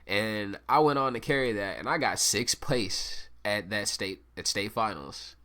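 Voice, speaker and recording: Young guy rambling on his own podcast, cusses a lot, lowish voice but bright and punchy. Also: measured pace. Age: young adult. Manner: rambling, profane, self-mocking. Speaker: podcast host. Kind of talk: solo casual storytelling.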